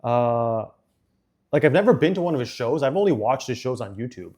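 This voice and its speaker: A man chatting casually on a livestream as he builds a model set. He rambles with plenty of fillers and breaks into quick laughs. His voice sits at a middle pitch. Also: animated, darkish tone. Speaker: streamer.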